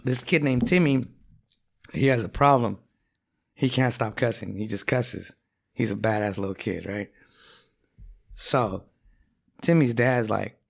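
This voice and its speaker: Gravelly man telling a crude joke. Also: medium pitch, a little slow, pauses often. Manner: profane, rambling storyteller. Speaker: rapper. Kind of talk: casual chat, telling a joke.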